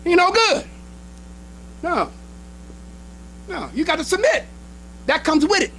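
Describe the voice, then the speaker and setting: A minister preaching a sermon in an emphatic style, with short repeated phrases and speech. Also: male voice, very high voice, big pitch swings, slow pace, pushed and bright, slight background noise, low-quality recording. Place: temple hall.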